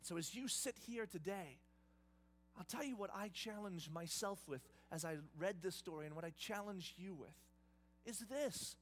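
A man preaching a sermon in an emphatic style, swinging between hushed and loud delivery. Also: high voice, normal speed, slight background noise. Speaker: pastor.

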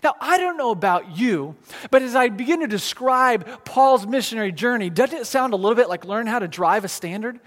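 A man preaching a sermon, teaching from a map in a conversational, animated way, with frequent fillers and restarts. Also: extremely high pitch, a little fast. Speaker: pastor. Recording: long hall reverb.

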